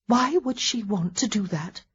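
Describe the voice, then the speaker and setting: A woman voicing a spirited young lady in an audiobook, answering back with sharp, indignant retorts. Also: mid-range voice, expressive, unhurried, slightly rough, dry recording, muffled recording, pitched above the performer's own voice, exaggerated voice. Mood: searching.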